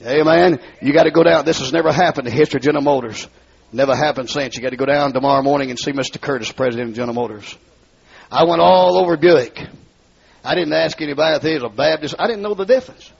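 A man with a rural Southern accent preaching his testimony in a large hall, dropping low to tell his story and rising to shout. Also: fast, vocal fry, slightly rough. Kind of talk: fiery revival sermon. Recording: dull lo-fi recording.

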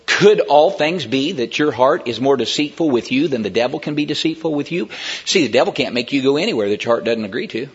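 A man preaching a sermon in a church, emphatic and rising to near shouts on key words. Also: medium pitch, expressive, fairly quick, breathy edge. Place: church sanctuary. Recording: dull sound with long hall reverb.

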